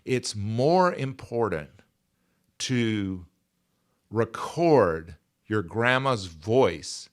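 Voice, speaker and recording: A man's voice: fairly low pitch, expressive, very slow. A man in his sixties, speaking as a podcast guest in an earnest, emphatic way and repeating his key phrases. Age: 60s. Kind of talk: conversational interview.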